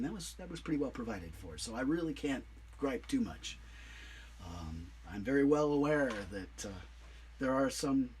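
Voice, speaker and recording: A man's voice: mid-range voice, slight background noise. A man, a singer-songwriter on a live stream, chatting casually between songs in a rambling, chuckling, self-deprecating way. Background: acoustic guitar.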